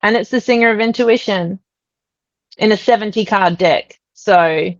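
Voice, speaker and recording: Animated Australian woman telling stories. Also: medium pitch, a little slow, dry recording, highs cut off. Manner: animated storyteller, quoting herself in lively voices. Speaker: podcast guest. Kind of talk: conversational interview.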